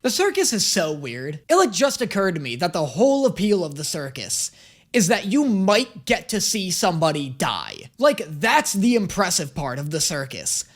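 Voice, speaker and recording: Male reaction host, casual commentary, crude jokes, animated delivery. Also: high-pitched, moderate pace. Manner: profane, joking asides.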